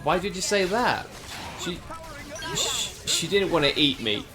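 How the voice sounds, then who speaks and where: A man's voice: high-pitched, wildly swooping pitch, a little slow, over music. A man streaming a video game with casual, joking commentary, laughing often.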